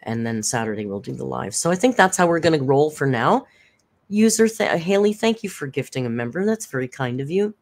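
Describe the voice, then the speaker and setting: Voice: medium pitch, animated, fairly quick. Brief: worn-out, chatty live-stream host; casual chat, thanks viewers, reads messages aloud. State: tired, worn down by caregiving.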